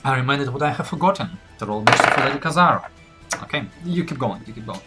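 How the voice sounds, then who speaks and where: A man's voice: medium pitch, lively intonation, fast talker, loud music behind the voice. A man narrating as game master in a casual tabletop game session, talking loosely with fillers as he thinks aloud.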